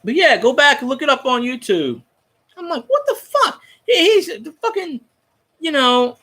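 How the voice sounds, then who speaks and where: A man's voice: extremely high pitch, sharp tone, slightly rough. A man giving a profane, rambling football fan rant in casual chat.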